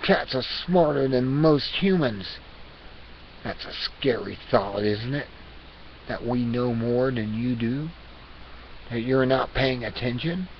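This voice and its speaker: Scolding male house cat as a man voices it, gravelly, raised and loud, dull lo-fi recording with hiss. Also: medium pitch, slow pace. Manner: hectoring, conspiratorial, repeats demands to pay attention. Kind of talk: comic character rant.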